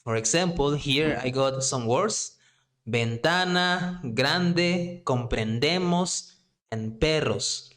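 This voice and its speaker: A man with a Mexican Spanish accent gives a Spanish lesson in English. He talks slowly and deliberately, stretching out each example word, in a voice a little higher than most men's. His delivery is patient and methodical. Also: lively intonation, a bit bright. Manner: slow and deliberate, drawing out example words. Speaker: Spanish teacher. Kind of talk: language lesson.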